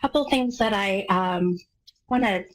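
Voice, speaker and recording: A woman's voice: medium pitch, measured pace, rough recording. An American woman hosting a live call-in psychic radio show, talking in an effusive, gushing way with many fillers. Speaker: radio psychic medium host.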